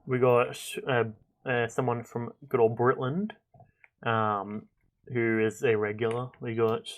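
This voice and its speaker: A young man streaming a game, chatting casually and thinking out loud with lots of fillers and restarts. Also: medium pitch. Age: young adult. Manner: rambling, chatty, thinks aloud with many fillers. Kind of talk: casual gameplay commentary.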